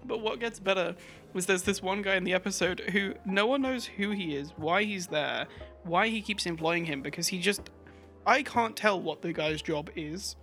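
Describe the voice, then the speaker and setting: A man co-hosting a podcast, chatting casually and telling stories with lively put-on voices. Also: sits high, normal speed, faint music behind. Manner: animated storytelling with put-on impressions. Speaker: podcast co-host. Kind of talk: casual chat.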